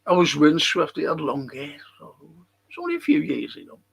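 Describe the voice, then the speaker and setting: A man's voice: on the high side, huge pitch swings, brisk, gravelly, husky. An older man with a Liverpool accent, hosting a live podcast stream, reading viewer comments and telling blunt, sweary, rambling stories. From England. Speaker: podcast host.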